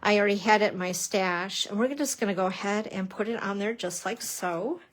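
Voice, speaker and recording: A woman's voice: medium pitch, a little fast. A middle-aged woman demonstrating papercrafting on a live stream, chatty and bubbly, teasing herself and greeting viewers. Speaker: papercrafting instructor.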